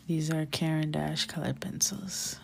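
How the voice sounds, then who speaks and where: Low, gravelly-voiced woman chatting casually. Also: steady tone, unhurried. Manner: chatty, joking, reads chat aloud. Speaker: coloring livestream host. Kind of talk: casual livestream chat.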